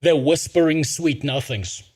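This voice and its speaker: A man's voice: on the high side, unhurried, a little mellow, husky. A man streaming a casual reaction, sarcastic and crude, swearing often.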